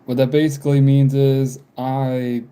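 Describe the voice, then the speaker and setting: A young man live-streaming while doodling, talking casually in halting bits, sighing and apologizing because he has the hiccups. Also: mid-range voice, little pitch movement, mellow, smooth. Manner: halting, apologetic, frequent sighs and small laughs.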